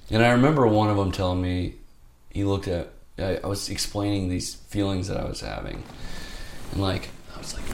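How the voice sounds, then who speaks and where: A man's voice: low voice, lively intonation, moderate pace, gravelly, noisy background. A man speaking as an interview guest, telling a candid personal story in a rambling, heartfelt way full of fillers.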